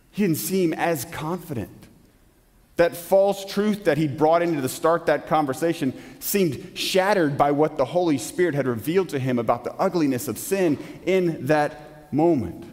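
Emphatic preacher in a reverberant church. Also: male voice, fairly high pitch. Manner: emphatic, with rhetorical questions and sudden drops to a hush. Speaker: pastor. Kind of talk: sermon. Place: church sanctuary. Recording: long hall reverb.

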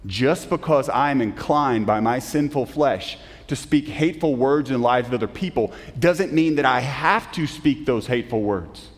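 A man preaching a sermon as pastor, earnest, with emphatic rises and soft, slow drops. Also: medium pitch. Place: church sanctuary. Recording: long reverb of a church hall.

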